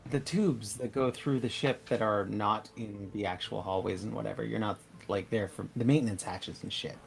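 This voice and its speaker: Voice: mid-range voice, steady tone, normal speed, creaky. A player in a casual tabletop game who asks long, rambling questions.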